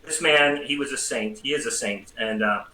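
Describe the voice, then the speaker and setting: Middle-aged man, from the United States, guest storyteller, self-deprecating humor, very bright tone, echoey room. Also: mid-range voice, moderate pace. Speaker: guest, priest and psychology professor. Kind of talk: personal testimony in a casual interview. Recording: roomy echo with faint background noise.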